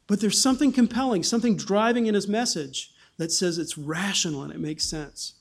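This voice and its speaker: Animated high-voiced male preacher. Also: a little fast, vocal fry, hardly any pauses. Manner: animated, acts out quoted voices, frequent restarts. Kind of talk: sermon.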